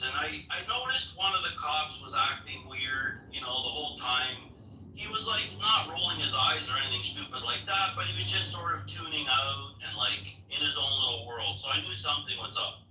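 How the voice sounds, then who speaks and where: A man's voice: fairly high pitch, lively intonation, moderate pace, sharp tone, distant mic, slight background noise. A man recounting events step by step in a casual chat, plain-spoken and swearing at times. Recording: echoey room, voice off-mic.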